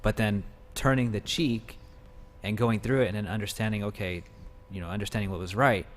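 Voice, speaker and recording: A man's voice: on the low side, fairly even intonation, a little fast, slight background noise. A man talking casually on a talk show, reflecting on a personal experience and often breaking in with short words of agreement.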